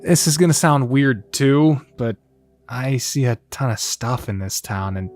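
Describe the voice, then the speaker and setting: Man in his own voice narrating a story game, excitable, mid pitch. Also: measured pace, faint music behind. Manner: excitable, swears in asides.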